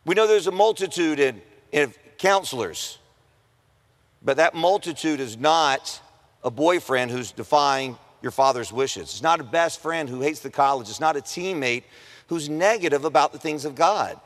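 Male preacher, casual and humorous, slightly high voice, long hall reverb. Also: expressive, moderate pace. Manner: conversational and humorous, acts out quoted voices. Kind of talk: sermon. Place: chapel or auditorium at a Christian school.

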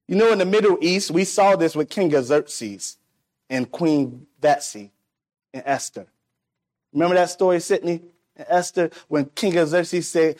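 A man preaching a sermon, animated, swinging between loud declarations and hushed asides, acting out the people in the story. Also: on the high side, measured pace. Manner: acts out quoted voices of people in the story.

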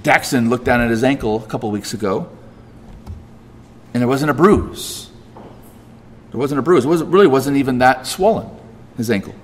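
Preaching from a church sanctuary, a man speaks at a moderate pace and pauses often, punctuating with rhetorical questions and sharp rises and falls for stress. There's a little hiss or hum, and long hall reverb hangs on every word.

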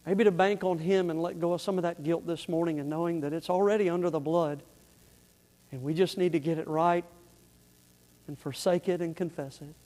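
A man preaches in a church sanctuary, his words trailing into a long reverb. He tells his story animatedly, at times close to shouting, then turns quiet and earnest when he speaks to the congregation. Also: fairly high pitch, a little fast. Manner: animated, rising to near-shouting in the story, dropping soft and earnest for the appeal. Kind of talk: sermon with storytelling.

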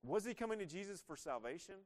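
A man's voice: high voice, animated, fast talker, darkish tone. Man preaching a conversational sermon. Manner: conversational preaching with rhetorical questions. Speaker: pastor.

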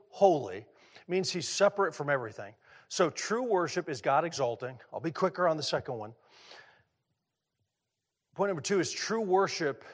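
A man's voice: fairly high pitch, a bit bright. A middle-aged man preaching a sermon in a conversational way, asking his listeners questions and often repeating words as he restarts. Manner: conversational, asks the audience questions. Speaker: pastor.

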